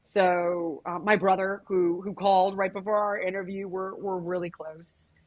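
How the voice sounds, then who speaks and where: A woman's voice: medium pitch, little pitch movement, normal speed, muffled recording. A middle-aged woman speaking bluntly and emphatically as an interview guest, with frequent swearing. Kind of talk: candid conversational interview.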